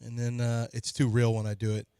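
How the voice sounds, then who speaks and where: A man's voice: medium pitch, monotone, a little fast, warm tone, clear, resonant tone, no room sound, studio quality. A middle-aged man co-hosting a sports radio show, rambling playfully through speculative tangents in casual banter.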